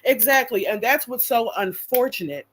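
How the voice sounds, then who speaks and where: A woman's voice: fairly high pitch, normal speed, fairly bright tone. A woman streamer giving blunt, profane live commentary and reading out chat viewers' names. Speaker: reaction streamer.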